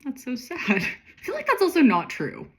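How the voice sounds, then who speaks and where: Chatty self-mocking woman, husky voice. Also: high voice, wildly swooping pitch, normal speed. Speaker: author reading her childhood novel. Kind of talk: casual read-along commentary.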